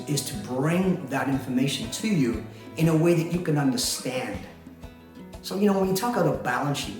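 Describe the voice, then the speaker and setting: A man, a company president, explaining things in a chatty way, asking rhetorical questions and often laughing. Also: a little high. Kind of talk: explainer talk to camera. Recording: very echoey room with faint music.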